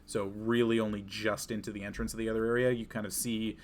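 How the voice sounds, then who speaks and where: A man narrating a tabletop game as game master, in a relaxed, descriptive way with fillers. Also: on the low side, quick pace, a little hiss or hum.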